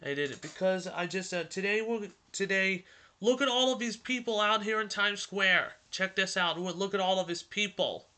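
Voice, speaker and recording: High, bright, excitable man hosting. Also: moderate pace. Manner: rambling, excitable, full of restarts. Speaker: host. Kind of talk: casual vlog and storybook reading.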